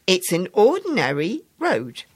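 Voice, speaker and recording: A woman's voice: fairly low pitch, huge pitch swings, measured pace, a little mellow, slightly rough, dry recording, studio quality, voice pushed up, exaggerated voice. A woman voicing a stubborn, literal-minded little girl who speaks firmly and matter-of-factly in a read-aloud story. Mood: insistent. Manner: matter-of-fact, firm.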